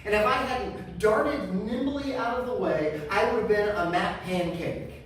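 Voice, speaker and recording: Pastor guy preaching slow, keeps repeating his point, fairly high voice, big echoey church, mic way off. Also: distant mic, a little hiss or hum. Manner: emphatic, repeats key phrases. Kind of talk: sermon. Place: church sanctuary.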